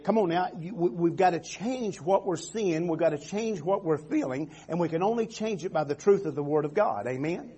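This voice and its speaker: A man's voice: a little high, lively intonation, moderate pace, hardly any pauses, warm tone. A man preaching a sermon as pastor, calling out "Amen" and "come on" and often restarting his phrases. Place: church sanctuary.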